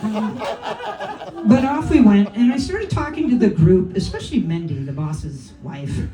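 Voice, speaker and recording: A woman's voice: mid-range voice, lively intonation, unhurried, crowd noise. Wry woman storyteller on a comedy stage. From California. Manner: wry, self-deprecating, profane asides. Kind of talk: live comic storytelling. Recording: roomy club sound from a distant mic. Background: audience laughter and faint room ambience.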